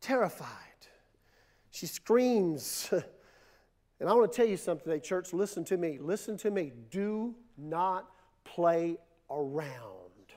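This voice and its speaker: A pastor with a very high-pitched voice for a man, preaching a sermon to his church. He hammers home points with repetition, swinging between hushed lows and loud surges. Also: expressive, unhurried, pauses often. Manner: emphatic, repetitive preaching with dramatic drops and surges.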